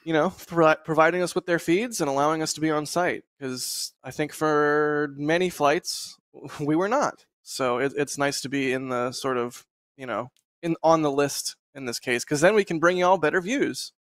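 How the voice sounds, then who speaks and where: A man hosting a casual live stream, talking in a relaxed, rambling way with frequent laughs over a video call. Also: on the high side, normal speed, no room sound. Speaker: host.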